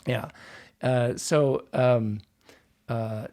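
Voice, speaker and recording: A man's voice: mid-range voice, steady tone, drawn-out words, dark tone. A man speaking as a dialect coach on a podcast, with a medium voice. He talks patiently and explains step by step, often demonstrating sounds aloud as he teaches. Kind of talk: interview guest explaining accents.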